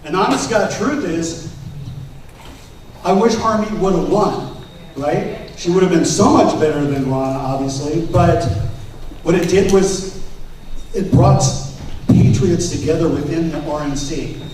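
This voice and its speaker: A man's voice: fairly high pitch, measured pace, pauses often, darkish tone, a little hiss or hum. Man speaking in a very echoey hall. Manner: storytelling, emphatic, quotes others with raised voice. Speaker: political candidate. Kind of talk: campaign speech to delegates. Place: convention hall. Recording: very echoey hall, mic at a distance.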